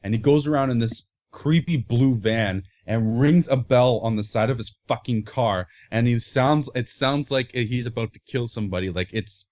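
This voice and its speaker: A man's voice: mid-range voice, normal speed, hardly any pauses, a little mellow, dry recording. A man co-hosting a casual podcast, telling a joking story. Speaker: podcast co-host. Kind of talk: casual group podcast chat.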